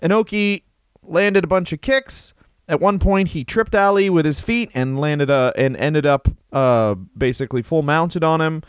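A man's voice: on the high side, moderate pace, clean tone, dry recording, studio quality. A man co-hosting a comedy podcast, telling crude, rambling made-up stories and slipping into silly voices. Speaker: podcast co-host. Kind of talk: improvised comedy chat.

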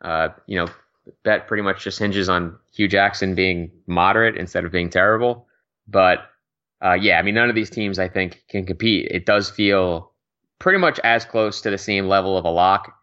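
A man's voice: low-pitched, pushed and bright, lo-fi sound. A man co-hosting a sports betting podcast, chatting casually with many fillers. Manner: quick, conversational, many fillers and laughs. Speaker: podcast co-host.

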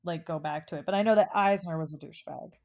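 Low-pitched female co-host, casual, thinks aloud and asks questions. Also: fast, a little mellow. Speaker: podcast co-host. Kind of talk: casual chat.

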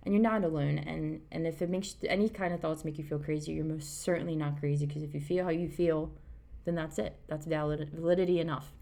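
A woman's voice: sits low, steady tone, fairly quick, creaky, hardly any pauses, dark tone. A woman in her thirties co-hosting a casual podcast, rambling and earnest as she reassures listeners. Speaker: podcast co-host. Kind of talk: casual chat.

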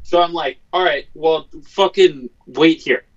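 A man's voice: on the high side, a little slow. A man chatting on a podcast, telling a story animatedly and with swearing. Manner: animated, profane, re-enacts quotes. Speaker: podcast co-host. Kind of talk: casual chat, storytelling. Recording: slightly dull lo-fi sound.

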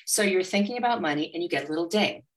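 A woman who is a money coach, speaking as a guest in an interview and acting out inner voices with animated energy. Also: lowish voice, fast. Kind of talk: motivational interview talk.

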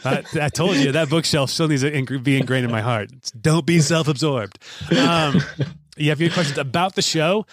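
A man's voice: a little high, moderate pace, dry recording. A man in his thirties hosting a podcast, telling a long story in a rambling, self-deprecating way with many restarts. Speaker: podcast host. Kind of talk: casual podcast chat.

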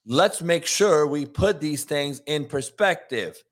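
A man's voice: fairly high pitch, lively intonation, slow. A man hosting a sports talk show, brash and swearing freely as he hypes his next segment and breaks down a quarterback. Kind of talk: profane sports commentary.

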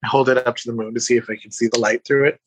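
A man playing a tabletop game, speaking softly and hesitantly in character. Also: mid-range voice, fairly even intonation. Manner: soft-spoken, hesitant, slow. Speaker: player. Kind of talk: tabletop role-play.

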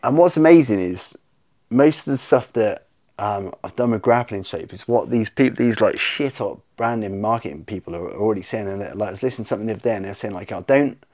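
A man chatting on a podcast as a guest, telling stories in a rambling, animated way with lots of fillers. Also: on the low side, quick pace. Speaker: podcast guest, soap brand owner. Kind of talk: casual podcast chat.

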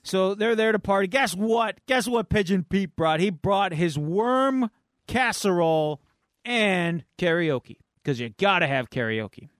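A male podcast host with a slightly high voice, telling a story with lively, playful energy. The recording is dry and close. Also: measured pace, dry recording. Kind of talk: casual chat, retelling a comic.

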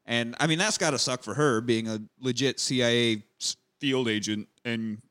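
A man's voice: mid-range voice, normal speed, a bit bright, smooth. A man hosting a podcast, casually recapping a film with rambling jokes and swearing. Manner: rambling, joking, profane. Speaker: podcast host reviewing a film.

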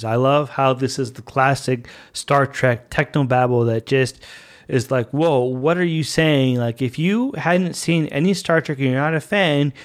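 A male podcast host talking casually and enthusiastically as a fan. His voice sits in a middle register, and he rambles along in a chatty way. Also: mid-range voice. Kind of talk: casual monologue.

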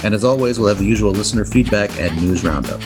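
A man's voice: on the low side, quick pace, over music. A man co-hosting a podcast with a dry, wry sense of humor. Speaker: podcast co-host. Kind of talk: casual podcast banter.

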